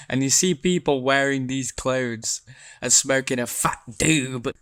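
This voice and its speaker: A man's voice: medium pitch, fairly bright tone, dry recording. A British man giving dry, mocking commentary. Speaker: narrator.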